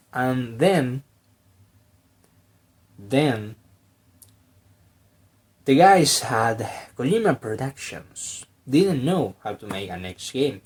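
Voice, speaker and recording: A slow-talking commentator with a husky, strained voice. The delivery rambles and leans on sarcasm and mock drama, with meme-style jokes throughout. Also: mid-range voice, sing-song, a little mellow. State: strained throat. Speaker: video commentator.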